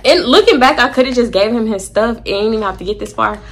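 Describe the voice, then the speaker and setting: A woman telling a story in a casual vlog, animated, slangy and profane. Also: a little high, quick pace.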